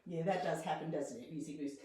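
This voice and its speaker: Gentle woman hosting a kids' show. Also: low-pitched, fairly even intonation, quick pace. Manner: gentle, coaxing, talks to children and a puppet. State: losing her voice. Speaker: children's singer-songwriter. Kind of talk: live-streamed children's show. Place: home garage. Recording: echoey garage from far off.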